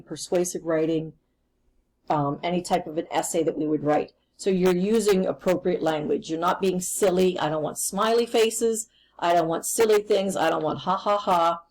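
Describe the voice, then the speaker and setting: A woman's voice: on the low side, moderate pace, a little mellow, low-quality recording. A woman teacher recording a remote lesson, explaining patiently and step by step.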